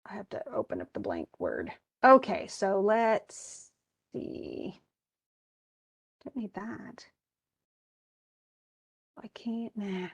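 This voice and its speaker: A woman's voice: mid-range voice, huge pitch swings, takes it slowly, creaky, husky. A woman teaching a live online class, chatty, explaining with asides and voicing what students might think, on a computer mic.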